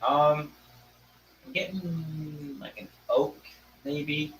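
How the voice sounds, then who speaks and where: A man in a casual chat who talks softly and offhandedly. He sits back from the microphone in an echoey room with faint hiss behind him. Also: a little high, sing-song, very slow, creaky, distant mic. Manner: soft-spoken, offhand. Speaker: co-host.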